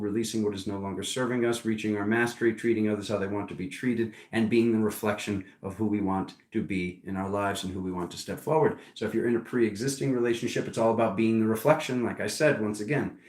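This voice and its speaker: A man giving a casual, animated tarot reading, teasing and talking to himself as he turns the cards. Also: on the low side, reverberant. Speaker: tarot reader.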